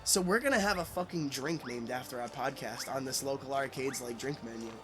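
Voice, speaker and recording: A man's voice: mid-range voice, brisk. A young man hosting a let's play, rambling and swearing in casual chat and laughing at his own jokes.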